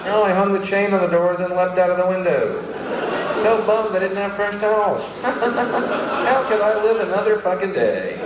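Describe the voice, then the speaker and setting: A tired man doing a stand-up comedy set, ranting sardonically and with exasperation, with sudden shouted bursts. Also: sits high, recorded from a distance, noisy background. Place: comedy venue stage. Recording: lo-fi audience bootleg, echoey venue. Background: audience and room ambience.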